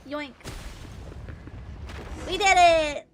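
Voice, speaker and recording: A young woman casually commentating her gameplay, excitable and rambling, with frequent giggles and sudden yelps. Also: extremely high pitch, very slow, slight background noise. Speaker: gaming channel host. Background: game music.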